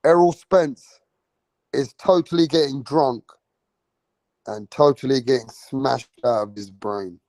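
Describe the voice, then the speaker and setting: A man hosting a casual live-stream about boxing, talking excitably and repeating himself with slang. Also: mid-range voice, takes it slowly, pauses often, no room sound, poor audio. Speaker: livestream boxing host.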